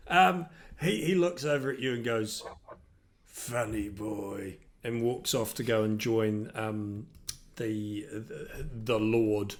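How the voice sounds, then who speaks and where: A man's voice: medium pitch, takes it slowly, a bit bright. A man narrating a tabletop role-playing game as game master, hesitant, with many ums and restarts.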